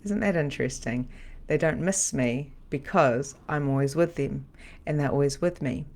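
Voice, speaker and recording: Middle-aged lady medium teaching on a livestream, a bit low pitched, chatty and repeats herself a lot. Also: normal speed. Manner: animated, repetitive, chatty. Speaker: medium and spiritual coach. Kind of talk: live-stream teaching.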